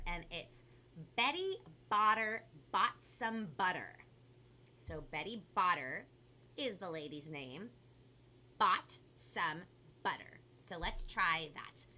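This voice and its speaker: A chatty woman from California with a Valley girl accent, hosting a kids' live stream and talking a lot and quickly. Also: mid-range voice, sharp tone, slight background noise. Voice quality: talks a lot and fast, bubbly. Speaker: kids' show host.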